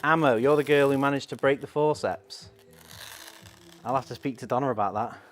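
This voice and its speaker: A man's voice: medium pitch, a little fast, faint music behind. A man hosting a casual live stream, chatting in a rambling way and reading out viewer comments.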